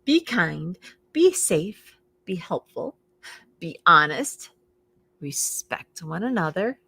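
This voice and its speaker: A woman children's librarian reads a picture book to preschoolers, playing up every sound with animated expression. Her voice is bright and swings widely in pitch, and she takes an unhurried pace. The sound is dry and close. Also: vocal fry, slightly rough, no room sound. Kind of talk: storytime read-aloud for preschoolers.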